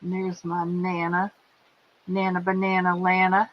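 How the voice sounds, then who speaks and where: Slow, affectionate woman livestream host. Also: on the low side, monotone. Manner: affectionate, calls viewers pet names. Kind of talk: casual chat greeting viewers and reading comments. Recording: dull lo-fi stream audio.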